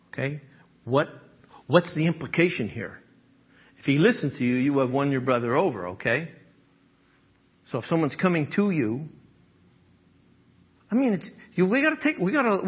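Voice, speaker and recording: On dull audio, a pastor with a husky voice on the high side preaches in a conversational manner. He chuckles often and keeps checking in with listeners using "okay?" and "right?".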